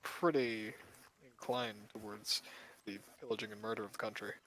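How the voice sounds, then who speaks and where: A man's voice: on the low side, fairly even intonation, moderate pace, a bit bright, poor audio. A man playing a tabletop game, speaking candidly and rambling with plenty of hedges. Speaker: player.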